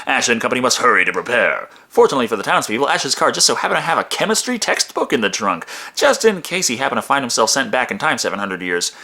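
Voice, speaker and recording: A man narrating a comedic movie review in a sarcastic, profane, animated way. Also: fairly low pitch.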